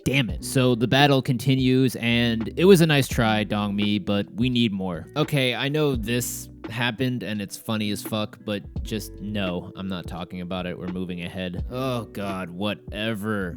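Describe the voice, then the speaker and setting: A man's voice: fairly low pitch, measured pace, few pauses, music in the background. A man recapping a drama episode in casual commentary, sarcastic and profane, with dramatic asides. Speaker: drama review host.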